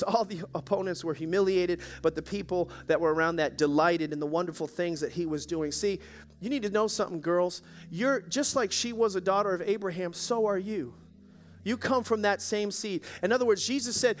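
High-voiced male pastor preaching. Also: brisk, slight background noise. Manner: exhorting, calls for audience response. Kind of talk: sermon. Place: church service.

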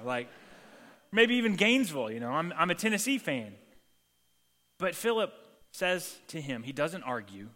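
Casual preacher in an echoing hall. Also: male voice, on the high side, a little fast. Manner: casual and animated, acts out quoted lines. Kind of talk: sermon. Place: church sanctuary. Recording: long reverb of a large hall.

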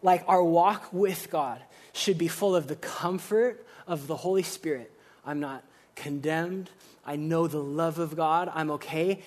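A man preaching a casual, energetic sermon, using slang and swinging between loud emphasis and quiet reflection. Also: a little high. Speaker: pastor.

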